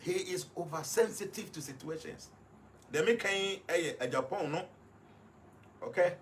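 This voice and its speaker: A man's voice: sits high, measured pace, a little hiss or hum. A man with a Ghanaian accent speaking on live radio, explaining his points one at a time and mixing English with Twi. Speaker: radio guest reading numerology.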